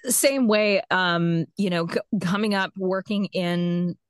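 A woman from South Florida hosting an interview, talking in a measured, thoughtful way. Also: fairly low pitch, dry recording. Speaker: podcast host, interviewer. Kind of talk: casual interview chat.

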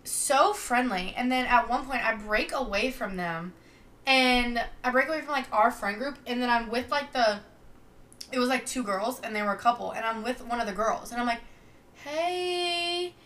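A woman's voice: on the high side, moderate pace, fairly bright tone. A young woman from Louisiana co-hosting a podcast, rambling in casual chat with lots of fillers and swearing. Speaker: podcast co-host.

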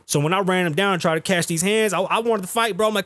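Profane New man, higher-pitched. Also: quick pace, hardly any pauses, a bit bright, no echo. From the Bronx, New York. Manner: profane, heated storytelling. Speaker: podcast host. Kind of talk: casual podcast rant.

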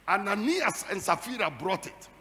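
High-pitched, fiery preacher. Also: male voice. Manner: preaching with shouted, sing-song climaxes and repetition. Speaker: pastor. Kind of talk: fiery sermon. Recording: long hall reverb.

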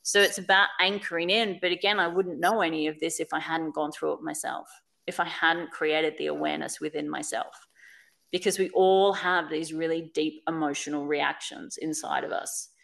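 A woman's voice: low voice, fairly even intonation, normal speed, vocal fry, fairly bright tone. A woman speaking on a podcast in a candid, earnest, reflective way, repeating phrases for emphasis. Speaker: podcast guest.

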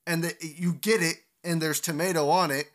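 A young man co-hosting a casual podcast, talking candidly and profanely with animated storytelling. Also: on the high side, moderate pace. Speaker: podcast co-host.

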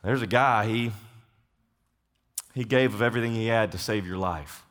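A man's voice: lowish voice, moderate pace, a bit bright, long reverb tail, natural voice. A man voicing a laid-back male innkeeper who answers in a casual, matter-of-fact way.

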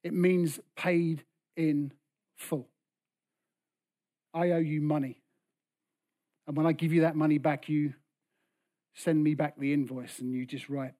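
A man preaching a sermon with passion, rising to loud bursts and dropping to hushed lines. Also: a little high, fairly even intonation, unhurried, long pauses. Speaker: pastor.

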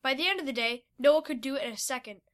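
A woman narrating a storybook with a high, bright voice. Her read-aloud pacing stays steady and clear. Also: fast. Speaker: story reader.

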